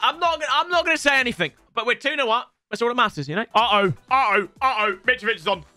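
A young man giving live video game commentary, chatty and slangy, breaking into loud excited outbursts as he talks to his viewers. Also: extremely high pitch, fast, soft background music. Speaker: gaming YouTuber.

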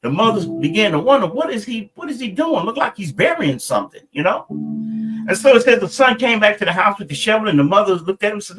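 A man with a somewhat high voice delivers a sermon as a story, stopping and restarting mid-phrase. He acts out the people he quotes by jumping his pitch up. Faint instrumental music plays underneath. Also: very animated, a bit bright, rough recording. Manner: halting, repeats words, rises into higher pitch for quoted voices. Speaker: preacher.

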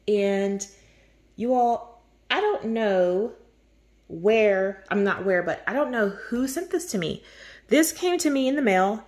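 A woman hosting a coloring channel, chatting casually and gushing over her birthday gifts with frequent laughter. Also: mid-range voice. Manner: gushing, effusive, laughs often.

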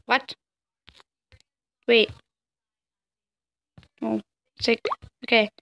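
A young woman playing a story game out loud, flustered and stammering, often breaking into worried exclamations. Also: fairly high pitch, flat delivery, extremely slow, creaky, lo-fi sound. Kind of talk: casual let's-play reactions.

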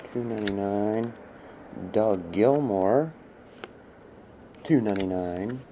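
A man with a lowish, mellow voice opens trading card packs and calls out each card in a casual running commentary. He rambles and gets excited easily. A faint hum of room ambience sits under his voice. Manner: excitable, rambling, laughs often. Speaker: card break host.

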